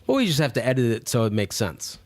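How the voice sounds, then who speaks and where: A man's voice: medium pitch, very animated, fast talker, a little mellow, no room sound. A man co-hosting a podcast, making short joking remarks. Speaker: podcast co-host. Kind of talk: casual chat. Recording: clicky noise behind the voice.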